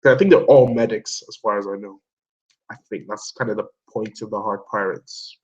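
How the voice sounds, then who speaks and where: Excitable young man, lo-fi home mic. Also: on the low side, normal speed. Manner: excitable, swearing, laughs often, quotes characters in bursts. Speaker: manga discussion host. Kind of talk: casual chat.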